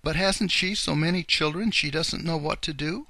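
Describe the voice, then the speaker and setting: A kindly old rabbit gentleman from a storybook, polite and a little fretful, as a man puts him on. He speaks in a raised, raspy voice with a bright, gravelly edge and lively swings of pitch. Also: moderate pace, no echo. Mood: worried. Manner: polite, old-fashioned and earnest.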